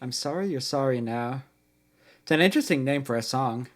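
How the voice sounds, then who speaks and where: A man's voice: medium pitch, expressive, brisk. A man hosting an album reaction, casually musing aloud about the guitar parts and lyrics he hears. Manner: musing, comments on guitar parts between songs.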